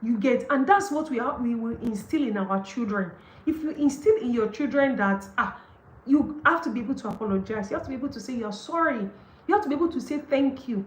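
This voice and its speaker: Animated Nigerian woman in an echoey room. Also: fairly high pitch, fairly quick, a little hiss or hum. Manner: animated, emphatic, laughs often, acts out quoted excuses. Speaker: book discussion host. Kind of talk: live session reading and commenting on a marriage book.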